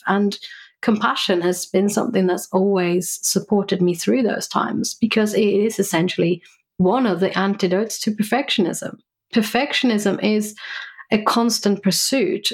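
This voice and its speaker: A woman's voice: mid-range voice, vocal fry. A woman, a psychologist and coach, speaking thoughtfully as a podcast guest and explaining ideas through examples. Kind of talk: reflective podcast interview.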